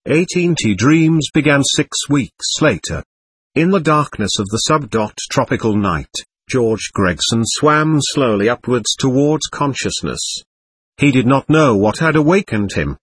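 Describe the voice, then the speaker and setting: Husky, expressive male audiobook narrator. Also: mid-range voice, no echo. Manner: expressive, measured storytelling. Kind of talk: scripted narration.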